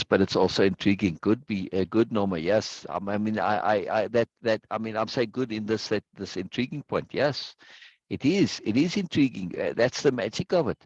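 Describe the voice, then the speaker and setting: A man's voice: mid-range voice, husky, dry recording, muffled recording. A man leading an online study group in a casual, rambling way, who often stops to ask "right?". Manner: rambling, repeats words, asks "right?" often. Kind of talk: casual teaching over a video call. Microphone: video call.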